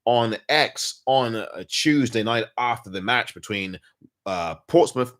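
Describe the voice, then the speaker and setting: A man's voice: medium pitch, expressive, slow pace, a bit bright. A man with an English accent hosting a casual post-match football chat, laughing at his own slip-ups and teasing himself by name. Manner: self-mocking, talks to himself by name. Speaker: podcast host.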